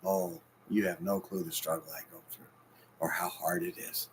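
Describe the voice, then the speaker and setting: Emotional man preaching, loud then hushed. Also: deep voice, flat delivery, normal speed, a little hiss or hum. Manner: emotional, swings between loud bursts and hushed near-whispers. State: sleepless and stressed. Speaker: pastor. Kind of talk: sermon.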